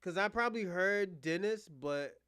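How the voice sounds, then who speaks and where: A man's voice: sits high, normal speed, fairly bright tone, clean tone, dry recording, clean studio sound. A man from the United States hosting a livestream, reacting to clips in a rambling, profane, casual way and talking straight to his viewers. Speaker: livestream host.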